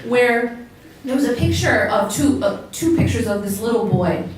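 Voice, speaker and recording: A fairly high-voiced woman delivering a religious talk to a live audience, drawing listeners in with questions as she goes. Her voice carries from a distance through a very echoey hall, with faint background noise. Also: expressive, moderate pace. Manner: engaging, asks the audience questions. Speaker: Islamic lecturer.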